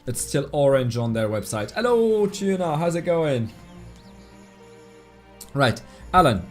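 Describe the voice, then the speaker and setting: A man's voice: medium pitch, expressive, slow, faint music behind. A man live-streaming a game, chatting casually, reading out and answering viewers' messages and laughing often.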